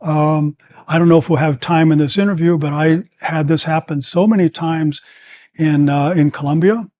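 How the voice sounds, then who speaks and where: An older man in his seventies, a former combat medic, telling stories as a podcast guest, rambling and animated with many fillers. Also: fairly high pitch, moderate pace, no echo. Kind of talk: storytelling in a podcast interview.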